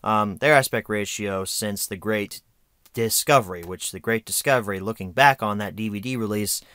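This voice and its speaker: A man's voice: on the low side, normal speed, sharp tone, clear, resonant tone, no room sound. A young American man giving an unscripted, rambling video review with sarcastic, self-mocking asides. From United States.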